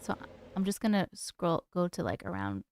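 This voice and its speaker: A woman hosting a casual live stream from her desk at home, chatty and excitable, swearing freely. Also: fairly low pitch, normal speed, slight background noise.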